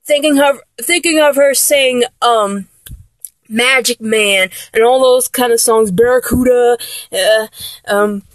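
A woman's voice: fairly high pitch, slow pace, no room sound. A woman chatting casually about songs she loves, rambling with many ums and restarts and breaking into bits of song. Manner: sings snatches of songs badly. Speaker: music fan talking to viewers.

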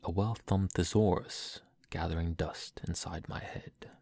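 A young man reading poems aloud in a soft, slow, breathy whisper, in the style of ASMR. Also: sits low, steady tone, no room sound. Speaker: poetry reader.

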